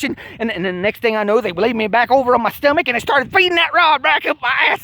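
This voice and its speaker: A man's voice: very high voice, fast talker, few pauses, bright, forceful tone, no echo. A man, telling a rambling comic monologue with stammers and mock distress. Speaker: comic storyteller.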